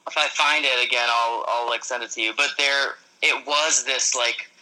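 A man's voice: mid-range voice, steady tone, moderate pace, pushed and bright, low-quality recording. A man from Boston, a podcast guest in casual chat, laid-back and hesitant with many fillers.

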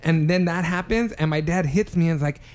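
A man's voice: fairly high pitch, a little fast. A young man casually telling a rambling, profane story on a podcast, acting out what people said. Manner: animated, profane storyteller who acts out quotes. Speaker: podcast co-host.

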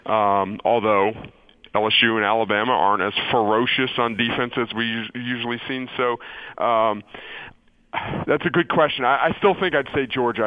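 Thoughtful man on a muffled remote line. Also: on the low side. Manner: hesitant, restarts often while thinking aloud. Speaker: college football analyst guest. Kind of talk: sports radio call-in analysis.

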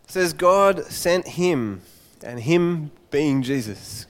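A man preaching a Father's Day sermon, an animated storyteller who acts out the voices of his characters. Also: on the high side, slow pace, in a large hall.

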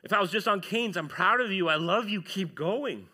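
A man, preaching a sermon in church, animated and swinging between loud and hushed. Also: sits high, normal speed. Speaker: pastor.

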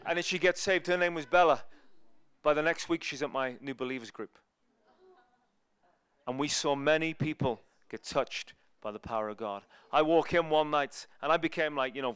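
A man giving a sermon as a guest preacher, telling lively stories and acting out the people in them. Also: medium pitch, clear, resonant tone, no room sound. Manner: animated, acts out people in his stories. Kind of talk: storytelling sermon.

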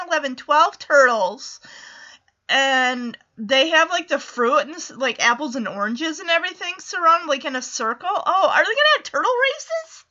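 Excitable woman recapping a show. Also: sits high. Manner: excitable, acts out the lines. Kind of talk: casual reaction recap. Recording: dull lo-fi recording.

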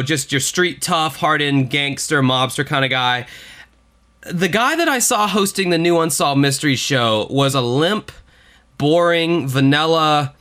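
A man's voice: fairly high pitch, bright, forceful tone. A man co-hosting a podcast, chatting in a rambling, profane, self-deprecating way. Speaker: podcast co-host. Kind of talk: casual podcast chat.

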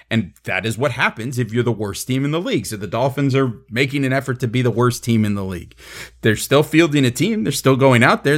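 A man co-hosting a casual sports podcast, his voice in the usual middle range for a man. He grows animated as he argues, stacking up exasperated rhetorical questions. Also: medium pitch. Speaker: podcast co-host.

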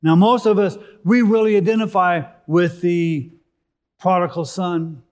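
A man preaching a sermon, reading scripture and explaining it, rising for emphasis and then dropping to a soft close. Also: high-pitched, fairly even intonation, measured pace.

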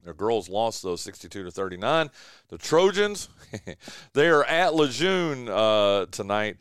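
A man's voice: on the low side, big pitch swings, a little slow, fairly bright tone, clear, resonant tone, no echo. A man hosting a casual sports radio show from a studio, chatty and full of fillers, often saying "dude.". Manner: chatty, filler-heavy, says "dude" a lot. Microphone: studio mic.

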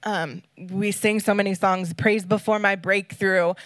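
A woman's voice: medium pitch, fairly even intonation, measured pace, a bit bright, dry recording. A woman guest speaker giving an earnest, emotional sermon, reading scripture and talking casually with fillers.

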